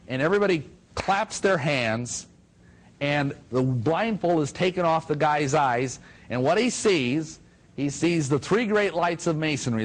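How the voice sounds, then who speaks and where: Speaking to an audience in a voice that sits a little high, a middle-aged man tells stories, performs quotations, and slips in jokes as he goes. The delivery is lively and humorous, but the recording is of poor quality.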